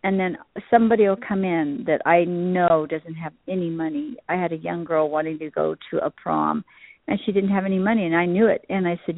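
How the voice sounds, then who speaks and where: A woman calls in as a radio guest and tells her stories earnestly and with feeling. Her voice sits on the low side. The line is dry and tinny like a phone. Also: fairly even intonation, fairly quick, gravelly, no echo. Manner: earnest, emotional storytelling. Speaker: guest, shop owner. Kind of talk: casual interview chat. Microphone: phone call.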